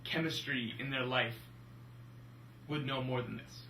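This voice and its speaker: A young man co-hosting a casual movie-review chat, animated and jokey. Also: mid-range voice, a little slow, slight background noise. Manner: animated, jokey, slips into silly voices. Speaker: film review podcast co-host. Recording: roomy room from a distance.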